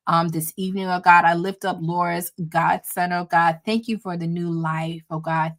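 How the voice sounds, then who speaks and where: Fervent woman praying aloud on a livestream. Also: on the low side. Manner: fervent, repeats "oh God" between phrases; emotional, close to tears. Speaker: livestream host. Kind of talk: spoken prayer and blessing.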